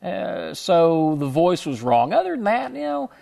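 A man's voice: high voice, very animated, a little slow, vocal fry, noisy background. A middle-aged man from Houston, a guest in an interview, telling his story in a rambling way and often correcting himself mid-sentence. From Houston, Texas. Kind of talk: conversational interview.

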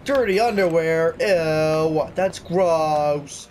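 A man's voice: a little high, slow pace, hardly any pauses, a little mellow, slight background noise. A young man chatting and joking through a video game, reading notes aloud as he goes. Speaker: gaming YouTuber. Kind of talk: let's play commentary.

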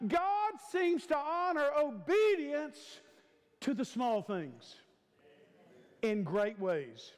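A man in his fifties preaching with an emphatic, repetitive cadence. His voice is very high and swoops widely as he draws the words out slowly. Long reverb from a large church sanctuary hangs behind every phrase. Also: big pitch swings. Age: 50s. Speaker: guest preacher. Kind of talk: sermon.

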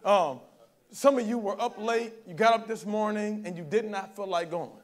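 A man delivers a sermon to his congregation in a relaxed, talky preaching style. His voice sits noticeably high for a man, and he keeps pausing to check that the room is following him. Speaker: pastor. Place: church service.

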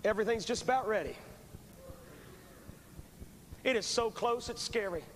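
Fervent high-voiced preaching man. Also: normal speed. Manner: fervent, urgent, repeating phrases and pleading. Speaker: evangelist. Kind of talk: revival sermon with altar call. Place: large church sanctuary during a revival service. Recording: poor VHS recording with long hall reverb and faint hiss.

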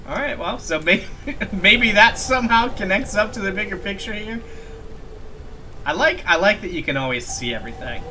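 A man's voice: high-pitched, noisy background. A man casually commenting on a game he is playing, rambling and laughing as he explores. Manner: chatty, giggly, rambling. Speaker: let's play host.

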